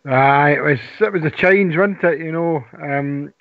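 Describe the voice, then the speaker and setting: Panelist, earnest, dry lo-fi sound. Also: male voice, fairly high pitch, unhurried, gravelly, no echo. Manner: reminiscing, earnest. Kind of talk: casual fan chat.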